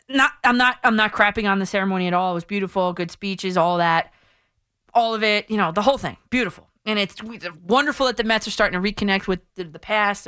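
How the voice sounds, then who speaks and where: A woman's voice: medium pitch, a bit bright, dry recording, studio quality. A woman hosting sports talk radio, opinionated and chatty, often restarting her sentences. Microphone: studio mic.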